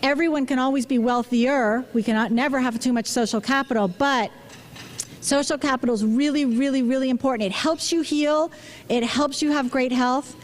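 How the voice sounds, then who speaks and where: A woman with a high voice speaks to an audience. She quizzes her listeners, restarts sentences and scatters "you know" fillers through her talk. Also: fairly even intonation, moderate pace. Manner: engaging, asks the audience questions. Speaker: physician giving a public talk.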